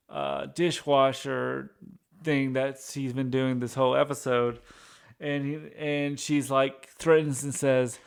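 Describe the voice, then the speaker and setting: A man's voice: mid-range voice, vocal fry, smooth. A man casually retelling a sitcom episode from memory, stumbling through restarts and fillers as he goes. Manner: halting, many restarts and fillers. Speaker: recapping a TV episode. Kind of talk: casual unscripted recap.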